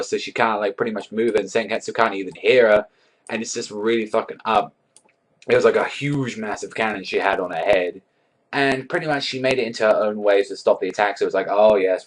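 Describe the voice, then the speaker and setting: A man giving a casual, rambling anime episode review, swearing often and filling his talk with likes and ums. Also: on the low side. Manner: rambling, swears a lot, many likes and fillers. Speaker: anime reaction vlogger.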